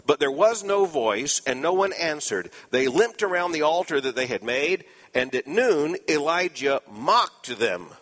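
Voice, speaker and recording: A man's voice: a little high, big pitch swings, measured pace, hardly any pauses, fairly bright tone, long reverb tail. A man preaching a sermon, explaining scripture earnestly with dry asides.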